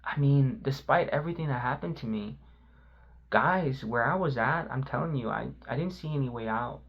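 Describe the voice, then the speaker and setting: Male vlogger sharing his struggles with faith in a candid, halting, reflective way. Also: medium pitch, vocal fry, muffled recording. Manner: reflective, halting, lots of "you know" fillers.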